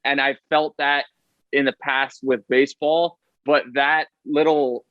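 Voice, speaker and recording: A man, a baseball player, telling stories in casual podcast talk, fast and chatty with many fillers and "right?" tags. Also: mid-range voice, flat delivery, no room sound, dull audio.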